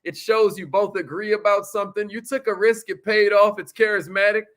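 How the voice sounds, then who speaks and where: A man teaching sales follow-up in a casual, energetic, slangy manner, talking straight to his viewers. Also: high-pitched, fairly quick. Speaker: sales coach. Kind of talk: motivational teaching talk.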